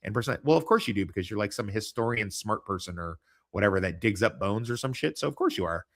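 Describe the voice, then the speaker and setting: A man's voice: on the low side, animated, fast talker. A man hosting a casual livestream chat, rambling and joking with lots of swearing. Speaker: podcast host.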